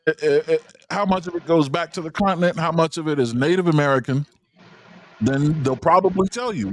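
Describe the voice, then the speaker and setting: A man's voice: on the high side, a little fast. A man hosting a livestream panel discussion, insistent and lecturing, often cutting others off.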